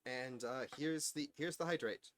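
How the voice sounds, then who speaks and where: A man's voice: on the high side, moderate pace, a little hiss or hum. A worked-up man chatting on a live stream, rambling with stammering restarts. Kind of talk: casual live-stream chat.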